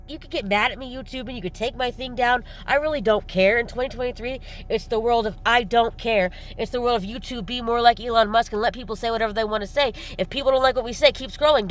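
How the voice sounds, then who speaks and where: A woman's voice: fairly high pitch, fairly bright tone. A woman vlogger ranting to her viewers, riled up, irritated and blunt, repeating her jeers. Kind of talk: ranting monologue to camera.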